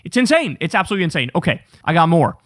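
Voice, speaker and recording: A man's voice: fairly high pitch, very animated, racing, no room sound, studio quality. A man hosting a political commentary show, ranting with sarcastic, profane disbelief.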